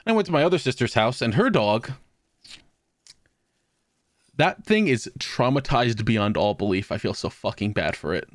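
A young man tells long, meandering stories in casual chat, swearing freely and laughing through them. His voice sits at an ordinary middle pitch. The sound is close and dry, with no room around it. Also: lively intonation, normal speed, long pauses, dry recording. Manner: rambling, profane storytelling with laughs.

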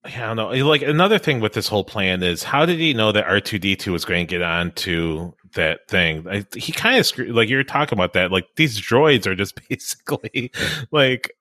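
A man's voice: lowish voice, animated, brisk, sharp tone, no room sound. A man hosting a casual podcast chat, rambling and loose, with many fillers. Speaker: podcast host.

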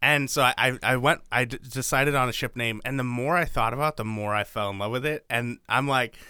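A young man co-hosting a podcast, talking in a jokey, slangy, animated way on a close mic. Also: medium pitch, a little fast, smooth, no room sound. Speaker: podcast co-host and novelist. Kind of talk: casual chat.

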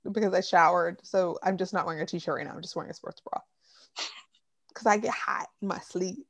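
A young adult woman hosting a casual podcast from home, chatty and quick to cut in with asides and swearing. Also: on the low side, no room sound. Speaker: podcast host.

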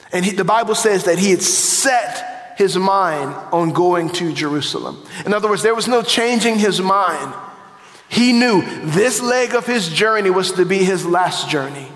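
A man's voice: sits high, fairly bright tone. A man preaching a sermon as pastor, conversational and asking the congregation questions. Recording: echoey reverberant hall.

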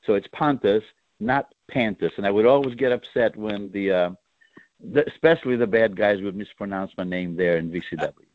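Chatty Greek-born man, low voice. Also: fairly quick, narrow, tinny audio. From Greece. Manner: chatty, laughs often, long-winded. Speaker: guest. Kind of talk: casual radio chat.

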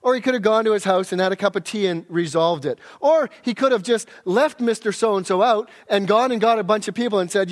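A man's voice: high voice, fairly quick, hardly any pauses. A man preaching an expository sermon, explaining scripture and reading passages aloud. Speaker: pastor.

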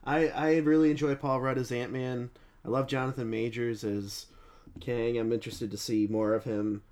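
Male podcast co-host, hesitant and halting. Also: mid-range voice, little pitch movement, darkish tone. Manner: hesitant, repeats words. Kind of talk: casual chat.

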